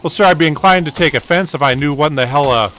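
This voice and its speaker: A man retelling a film scene, putting on a mock-polite, challenging young gang leader in a raised, louder voice. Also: on the high side, fast.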